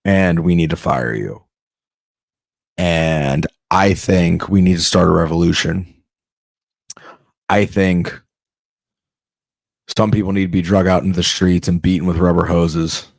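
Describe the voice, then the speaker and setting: Rambling man with a low, dry voice. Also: level tone, measured pace, gravelly, long pauses, no echo. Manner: rambling, self-interrupting, off-the-cuff. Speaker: comedian. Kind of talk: rambling comedic monologue.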